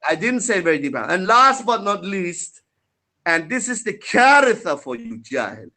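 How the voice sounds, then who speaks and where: A man's voice: high-pitched, big pitch swings, moderate pace, sharp tone. A man in a heated online debate on a video call, mocking, combative and lecturing his opponent.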